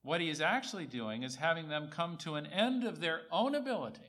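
A man delivers a sermon in a raised voice, his pitch swinging widely from high to low. He hammers home key phrases by repeating them. He rises on quoted words and drops low for asides. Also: lively intonation, a little fast, fairly bright tone. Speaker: preacher.

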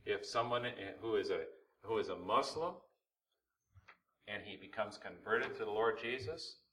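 Male preacher, sermon delivery, sharp bright tone, recorded from a distance. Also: lowish voice, animated, a little slow, a little hiss or hum. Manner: preaching with rising and falling intensity, rhetorical questions. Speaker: pastor.

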